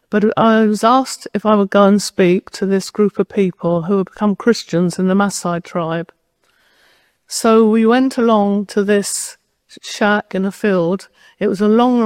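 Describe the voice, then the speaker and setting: Woman, preacher, sermon, conversational storytelling, medium pitch, dry close sound. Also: darkish tone, dry recording. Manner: personal storytelling, conversational and direct.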